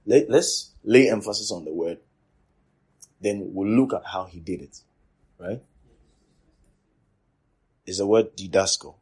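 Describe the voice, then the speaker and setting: Male preacher, low husky voice, emphatic and repetitive sermon delivery. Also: a little slow, long pauses. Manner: repetitive, emphatic, swings from loud to quiet. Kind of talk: sermon teaching.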